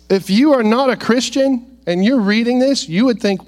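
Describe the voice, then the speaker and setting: A man with a high voice delivers a sermon and reads scripture aloud. He preaches in an animated way and keeps turning to his listeners with rhetorical questions. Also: moderate pace, hardly any pauses.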